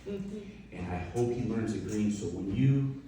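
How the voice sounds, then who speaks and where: A man delivers a chatty, heartfelt eulogy, turning to speak straight to the widow and the mourners. His voice sits at an ordinary pitch. It is picked up from well back in a big, echoey hall, with a faint hiss behind it. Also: big pitch swings, unhurried, warm tone. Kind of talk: informal eulogy at a memorial. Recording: echoey hall from a distant mic, faint noise.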